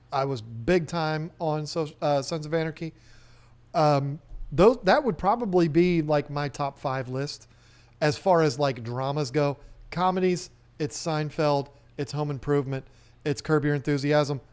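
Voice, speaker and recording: A man's voice: on the high side, darkish tone. Chatty man riffing on a live stream. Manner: chatty and joking, rambling with restarts. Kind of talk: casual live-stream chat reading viewer comments.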